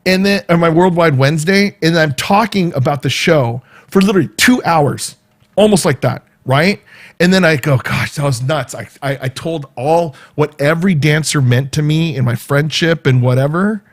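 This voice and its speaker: A man's voice: on the high side, moderate pace. A middle-aged man hosting his own vlog, talking in a loose, rambling way with many fillers and restarts. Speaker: vlog host. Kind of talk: casual rambling monologue.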